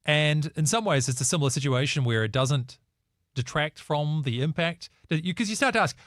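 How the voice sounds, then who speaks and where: A man with a New Zealand accent hosting a casual chat show, lively and jokey, often slipping into mocking voices. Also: on the high side, fairly quick, no room sound, clean studio sound. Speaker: host.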